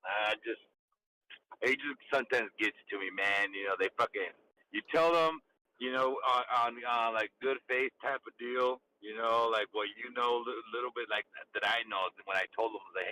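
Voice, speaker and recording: A man's voice: medium pitch, moderate pace, sharp tone, slight background noise, poor audio. A man hosting a live crypto stream, chatting casually and bluntly, swearing often and retelling phone calls with friends. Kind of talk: casual profane chat.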